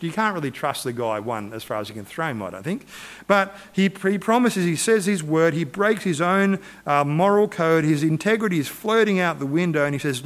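A man preaching a sermon, retelling a Bible story in an animated, storytelling way and acting out the quotes. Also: a little high, moderate pace. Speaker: pastor.

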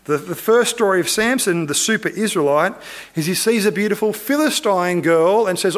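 A man's voice: sits high, animated, moderate pace. A man preaching, retelling a Bible story in a loose, conversational way with asides to his listeners.

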